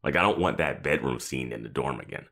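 A man's voice: a bass voice, expressive, fast talker, a bit bright. A man co-hosting a casual podcast about a TV episode, commenting with enthusiasm and frequent laughter. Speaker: podcast co-host.

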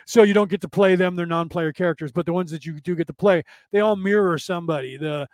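High-voiced rambling man host. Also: fast talker, a little mellow, dry recording. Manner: rambling, repetitive, preachy. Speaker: podcast host. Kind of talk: casual spiritual talk.

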